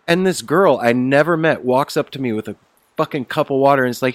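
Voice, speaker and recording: A man guest telling stories in a casual, animated chat, swearing freely and laughing. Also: mid-range voice, fast talker, no room sound. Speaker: podcast guest. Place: outdoor porch.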